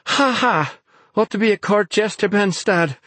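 A man voicing a spirited, sharp-tongued teenage girl in an audiobook reading, with a husky voice raised well above his own. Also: high-pitched, normal speed, dry recording, pitched above the performer's own voice. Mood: indignant.

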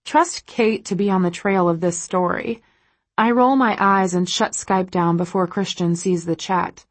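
Woman, audiobook narrator, first-person, intimate, slow, breathy, dry studio sound. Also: fairly low pitch, fairly even intonation, no room sound.

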